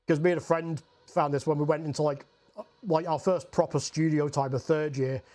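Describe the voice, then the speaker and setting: A man's voice: a little high, fairly even intonation, fairly quick, darkish tone. A young man with a Scottish accent chatting casually and rambling while he paints on a livestream, swearing freely and saying "like" a lot.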